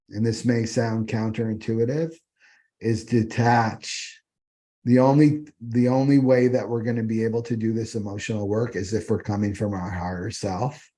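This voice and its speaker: Male astrologer, low husky voice, rambling unscripted teaching style. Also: dark tone. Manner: rambling, repeats "right?" often.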